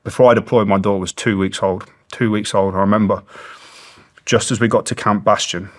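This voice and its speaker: A man's voice: lowish voice, fairly even intonation, brisk. A middle-aged British man, a former soldier, telling war stories bluntly and emotionally in an interview, swearing heavily. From Britain. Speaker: guest, former special forces soldier. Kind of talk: candid interview storytelling.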